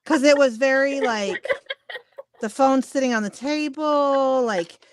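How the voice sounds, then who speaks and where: A woman's voice: high-pitched, measured pace. A woman co-hosting a casual podcast, rambling and hesitant, with many likes and restarts. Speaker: podcast co-host. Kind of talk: casual chat.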